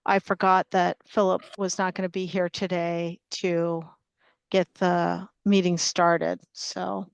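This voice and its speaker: A woman who is sick and tired opens a remote public meeting over a video call, talking haltingly with many fillers and restarts. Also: fairly low pitch, flat delivery, gravelly, clean tone, dry recording. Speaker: commission member opening a public meeting.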